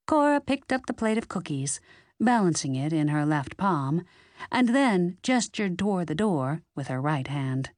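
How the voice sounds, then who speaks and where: Woman reading a mystery novel aloud, lowish voice, expressive. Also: moderate pace, no echo, clean studio sound. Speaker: audiobook narrator. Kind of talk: scripted narration.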